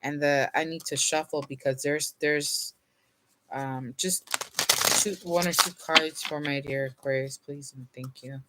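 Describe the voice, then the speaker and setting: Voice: medium pitch, steady tone, unhurried, heavy background noise. A tarot reader doing a casual reading to camera, yawning and sleepy, rambling with fillers and small laughs, and sometimes reading card meanings aloud from a guidebook.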